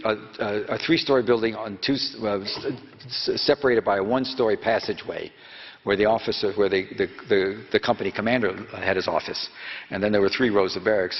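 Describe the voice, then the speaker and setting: An American investigative journalist in his seventies, with a voice on the low side, tells an audience a long, rambling anecdote, wandering off track and often restarting and correcting himself. The recording is dull and lo-fi, made in a reverberant hall.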